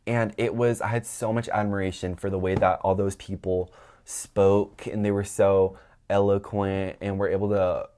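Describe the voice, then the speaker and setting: Young male podcast host with a lowish voice, venting in animated, rambling, profane chat. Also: normal speed. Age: young adult. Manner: animated, rambling, heavy use of "like" and swearing; acts out quoted people in a raised voice. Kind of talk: casual storytelling monologue.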